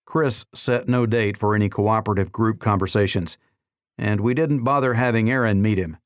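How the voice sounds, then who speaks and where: A man narrating a novel in the first person, with a measured, matter-of-fact delivery. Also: fairly low pitch, no echo, studio quality. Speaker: audiobook narrator.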